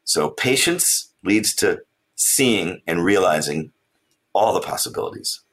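A man, an author and traveler, telling a travel story as a guest in an interview, animated and laughing often. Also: low-pitched, unhurried.

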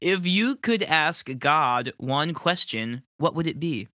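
A man acting as game master, playfully quizzing his players in quick questions and laughing often. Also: fairly high pitch, animated, sharp tone, no echo, studio quality. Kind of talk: hosting a rapid-fire question round.

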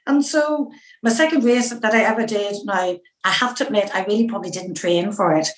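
A middle-aged woman from Northern Ireland, appearing as an interview guest, tells anecdotes in a brisk, lively, chatty way, acting out things she once said and using lots of "kind of" and "you know." Her medium-pitched voice echoes around a roomy space.

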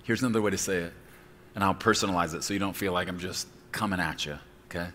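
Pastor guy preaching hard, bright punchy voice, shouts big words, long church echo. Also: deep voice, quick pace, a little hiss or hum. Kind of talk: sermon.

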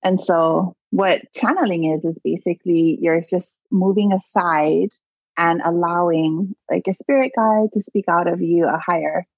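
A woman interview guest, a coach, telling personal stories in a lively, chatty way with lots of "like" and laughter. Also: fairly low pitch, measured pace, no echo, muffled recording. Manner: animated storyteller, many "like"s and laughs. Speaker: guest, abundance mindset coach. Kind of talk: casual storytelling interview.

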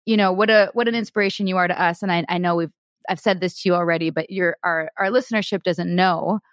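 A woman's voice: on the low side, steady tone, quick pace, no echo, clean studio sound. A woman hosting a podcast, talking in a chatty, eager storytelling way full of fillers. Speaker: podcast host. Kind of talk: casual interview chat.

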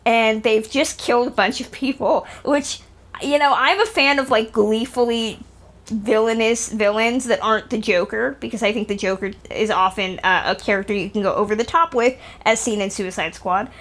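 A woman's voice: fairly high pitch, normal speed, fairly bright tone. A woman co-hosting a film podcast, chatting in an enthusiastic, casual way. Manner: chatty, enthusiastic, some fillers. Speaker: podcast co-host. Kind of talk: casual film review chat.

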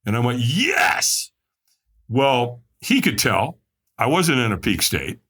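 As a podcast guest, a man tells his story very animatedly but slowly, in a fairly bright, slightly rough voice. He is dramatic, acting out quotes with big pitch jumps and sweeping swings.

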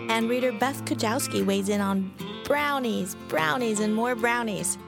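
A woman co-hosting a food podcast, telling stories in a lively, casual way. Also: on the high side, a little slow, creaky, over music. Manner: storytelling, animated. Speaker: podcast co-host, magazine editor.

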